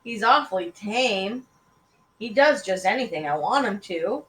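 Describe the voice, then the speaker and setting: A woman voicing a calm, earnest young boy in a read-aloud story. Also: medium pitch, a little slow, reverberant.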